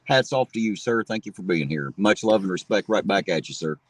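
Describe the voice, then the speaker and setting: A man's voice: on the low side, lively intonation, a little fast, no echo. Brief: middle-aged Ohio man, Appalachian drawl, laid-back and profane, dry close sound. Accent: southern Ohio Appalachian drawl. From southern Ohio. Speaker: livestream host. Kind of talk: casual chat reading viewer comments. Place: parked car at night.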